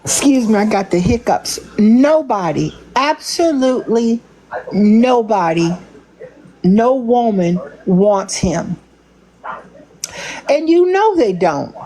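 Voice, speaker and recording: Woman livestreamer, sassy and mocking, slightly high voice, unhurried delivery, laughs at her own digs. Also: a little mellow, rough recording. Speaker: livestream commentator. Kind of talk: casual live-stream commentary.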